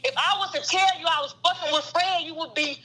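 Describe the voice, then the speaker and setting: A woman's voice: very high-pitched, steady tone, brisk, pushed and bright, slight background noise, low-quality recording. A woman in her thirties confronting a friend in a heated podcast argument, angry and profane. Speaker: guest.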